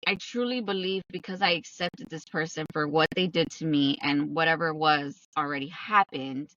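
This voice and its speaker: A woman's voice: sits low, moderate pace, fairly bright tone, far from the mic, dull audio. A young adult woman hosting a podcast, talking bluntly in a casual monologue, swearing often and repeating herself for emphasis. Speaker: podcast host.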